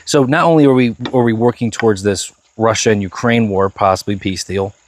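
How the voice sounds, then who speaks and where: A man's voice: lowish voice, fairly quick, a little hiss or hum. Man chatting eagerly on a podcast. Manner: excited, lists points with restarts. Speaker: podcast co-host. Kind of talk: casual current-events chat.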